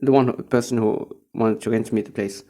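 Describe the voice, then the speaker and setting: A man's voice: on the low side, fairly even intonation, fairly quick, mellow. A young man from Morocco who works as a teacher, telling a rambling, profane story in a casual spoken-diary monologue and chuckling often.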